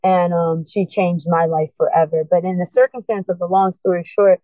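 A woman's voice: fairly low pitch, steady tone, normal speed, no room sound. A woman speaks with earnest, rising urgency as she tells her own story and urges listeners on. Her voice comes through thin and tinny, like a phone call. There is no room sound around her. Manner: earnest, impassioned, urgent encouragement. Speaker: guest. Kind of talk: emotional personal testimony.

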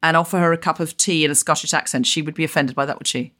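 A woman's voice: deep voice, steady tone, rapid-fire, fairly bright tone. A woman raised in Australia hosting a podcast, chatty and self-deprecating, recorded remotely. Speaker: podcast host. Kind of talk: casual chat.

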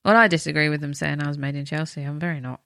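Teasing chatty woman, low voice. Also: fairly even intonation, very fast, vocal fry, a bit bright, clean tone, dry recording, clean studio sound. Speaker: podcast co-host. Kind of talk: casual podcast chat.

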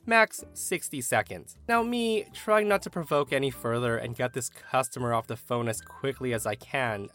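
A man's voice: mid-range voice, fairly bright tone. A man hosting a podcast, narrating online stories with wry, chatty asides to his listeners. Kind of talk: storytelling narration.

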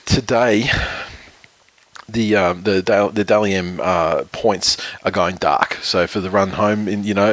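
A man co-hosting a casual sports podcast, swearing freely and laughing often. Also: fairly low pitch. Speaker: podcast co-host.

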